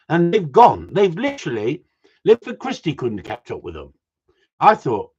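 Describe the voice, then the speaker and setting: A man's voice: mid-range voice, normal speed, breathy edge, dull audio. A man hosting a live stream, telling a story as a casual rant with lots of swearing. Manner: animated storytelling with frequent swearing. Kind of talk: casual ranting chat.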